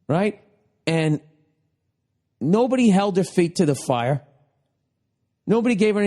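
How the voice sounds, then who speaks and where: A man's voice: high-pitched, animated, a little slow, pauses often, dark tone. A man with a Boston accent in a profane, mocking comedic rant, swearing and doing voices. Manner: ranting, swearing, mocking imitations. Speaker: comedian, podcast host.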